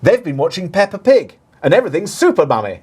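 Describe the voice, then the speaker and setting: A man's voice: sits high, sing-song, quick pace, a little mellow, breathy edge. Posh-spoken man with dry quips. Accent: Received Pronunciation. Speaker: co-host. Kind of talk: casual chat.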